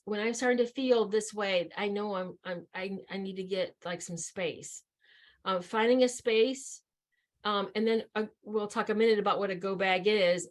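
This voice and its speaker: A woman giving a training session in a conversational way, with many fillers and restarts. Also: mid-range voice.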